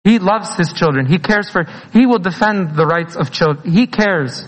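Brief: male preacher, high voice, earnest pleading sermon, long hall echo. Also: lively intonation, normal speed. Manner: earnest, pleading, mixes in Arabic phrases, laughs between lines.

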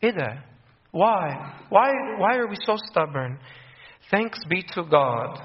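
A man's voice: high-pitched, very animated, takes it slowly. A man preaching a sermon, earnest, repeating key phrases and acting out the voices of people in his stories. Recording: echoey room, dull lo-fi sound.

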